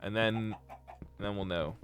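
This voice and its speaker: A man's voice: fairly low pitch, steady tone, normal speed, a bit bright, soft background music. A young man chatting casually on a live stream while he plays, rambling and breaking into giggles. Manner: giggly, keeps breaking into laughter; rambling, self-interrupting. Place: home room.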